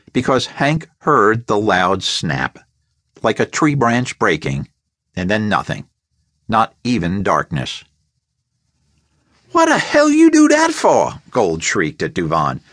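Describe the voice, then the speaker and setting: A male audiobook narrator with a mid-pitched voice that moves a lot, reading at an unhurried, deliberate pace. The studio recording is close and dry, with no room sound. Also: no echo. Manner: measured, expressive storytelling.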